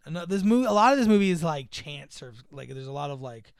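A young man with a notably high, smooth voice chats casually about a film he has watched. He rambles through the plot with constant fillers and slips into the characters' lines as he goes. The sound is dry and close, with no room around it. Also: brisk, hardly any pauses, no room sound. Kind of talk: casual movie recap chat.

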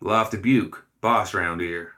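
A small, pompous gremlin chief, as a man puts him on in a storybook reading, drawling with self-important weight. His voice stays low and brightly edged. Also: takes it slowly. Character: pompous little male gremlin boss.

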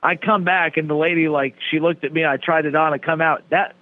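Self-mocking man with a higher voice, lo-fi. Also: steady tone, a little fast, background noise. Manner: self-mocking storyteller, acts out quoted people. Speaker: podcast co-host. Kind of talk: casual podcast banter.

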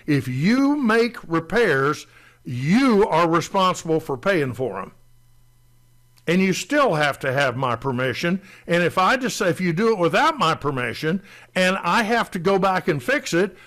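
A man co-hosting a talk show, explaining rental rules in a deliberate way and stressing key words. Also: high-pitched, a bit bright. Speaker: landlord co-host explaining rental law.

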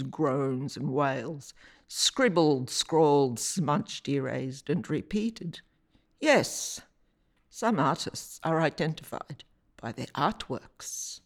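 Woman reading a reflective personal essay. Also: sits low. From Italy. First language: Italian. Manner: measured, deliberate reading with pauses. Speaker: artist. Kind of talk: reflective scripted narration.

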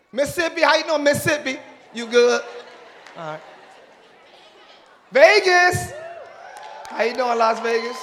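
A man with a very high voice, pushed and bright, leads playful crowd work at a live church service in a big auditorium. He jokes with the congregation and welcomes visitors, with the live hall's crowd noise behind him.

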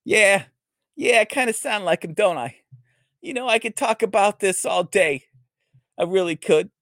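Raised-voice impression of a gruff, grumbling comedian ranting, put on by a man. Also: high-pitched, lively intonation, moderate pace, fairly bright tone, no room sound, studio quality, pitched above the performer's own voice. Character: blunt grumbling middle-aged male comedian impression.

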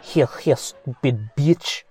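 A man voicing a smug, scheming male cat spy in a mock Russian accent, sly and low, in a comedy news bit. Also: slow pace, music in the background, close to an everyday voice. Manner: sly, chuckling, repeats "here" in a low voice.

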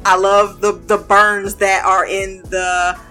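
A woman reviewing a TV episode in casual reaction commentary, animated and laughing often between playful asides. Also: medium pitch, slow, faint music behind.

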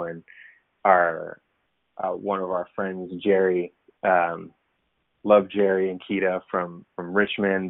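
A man's voice: deep voice, no room sound. A man preaching a casual, conversational sermon, loose and self-deprecating, with lots of fillers. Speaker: pastor. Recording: tinny phone-like dry sound.

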